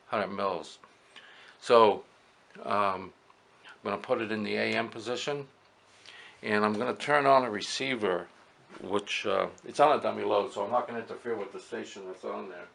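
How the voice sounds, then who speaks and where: An older man, an amateur radio operator, casually talking through an equipment demonstration step by step, pausing often as he works. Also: lowish voice, gravelly, fairly bright tone. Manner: talks through each step as he works, with many pauses.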